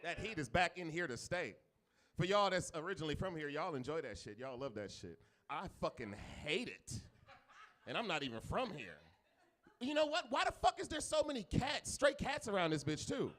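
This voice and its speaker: A man's voice: fairly high pitch, very animated, normal speed, a bit bright. Griping, profane male stand-up comic. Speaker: stand-up comedian. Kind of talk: stand-up comedy set. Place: comedy club stage.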